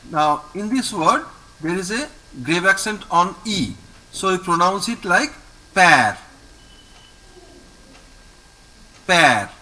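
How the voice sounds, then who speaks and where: Patient, slow-talking teacher with a lively high voice. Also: male voice, low-quality recording. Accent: Indian English. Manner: patient, repeats each word slowly for the student. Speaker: French teacher. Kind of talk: online language lesson. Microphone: video call.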